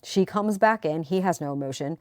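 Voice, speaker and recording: A woman recapping a court trial in a chatty, animated vlog style. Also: sits low, brisk, dry recording, clean studio sound. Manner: chatty, animated retelling with quoted voices. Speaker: true crime commentator.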